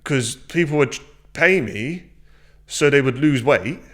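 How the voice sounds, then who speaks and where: A blunt man chats casually as a podcast guest, swearing freely and acting out conversations. His voice sits at a middling pitch. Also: animated, takes it slowly. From England. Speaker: strength and conditioning coach, guest.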